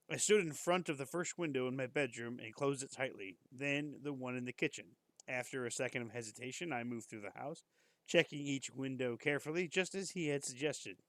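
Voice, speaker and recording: A man's voice: mid-range voice, a bit bright, no room sound. A man streamer reading a horror story aloud on a live stream, casual and breaking off now and then to joke and comment.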